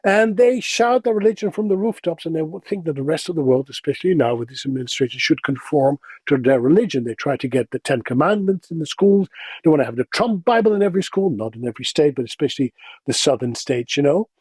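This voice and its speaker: A middle-aged man from the Netherlands, speaking as an interview guest in an opinionated, animated way. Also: mid-range voice, quick pace, slightly rough, dry recording. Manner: opinionated, animated, mimics others for emphasis. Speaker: guest, voice actor. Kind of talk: casual interview talk.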